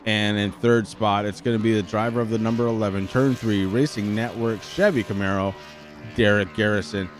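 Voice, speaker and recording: A man commentating a sim racing broadcast, excitable and out of breath, with stammering restarts. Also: lowish voice, moderate pace, faint music behind. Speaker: race commentator.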